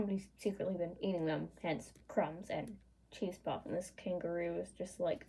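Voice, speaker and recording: A woman's voice: on the low side, normal speed, husky. Playful, chatty woman narrating her doodles. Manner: playful, chatty, reads prompts in lively voices. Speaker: art channel creator. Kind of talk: casual drawing commentary.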